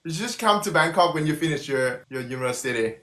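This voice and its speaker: A man's voice: on the high side, lively intonation, quick pace, pushed and bright. Thai man with an American accent, echoey room. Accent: Thai speaker with a learned American accent. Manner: friendly, uses many fillers like "like" and "you know". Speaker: host. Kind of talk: casual interview.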